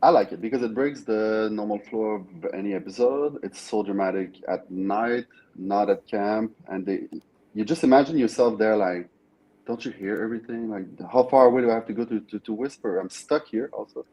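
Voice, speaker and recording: A man guest on a fan podcast, talking in an animated, jokey way. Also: lowish voice, moderate pace, muffled recording. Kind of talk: casual fan chat.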